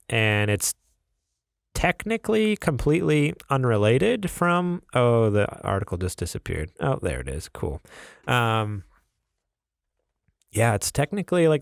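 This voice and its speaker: A man's voice: medium pitch, big pitch swings, measured pace, creaky, no echo, studio quality. A young adult man co-hosting a gaming podcast, laid-back and chatty, laughing often and reading news with lots of ums. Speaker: podcast co-host. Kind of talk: casual podcast chat.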